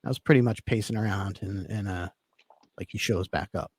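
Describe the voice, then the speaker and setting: With a fairly low pitch and a fairly quick pace, a man spins out a long personal story as a podcast guest. His casual talk is laid-back and rambling, heavy with fillers.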